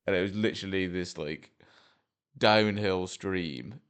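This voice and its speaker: A man's voice: low voice, unhurried, a bit bright, clean tone. A man from Wales giving rambling, jokey, self-deprecating commentary as a vlogger, full of fillers. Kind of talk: casual commentary over a map game.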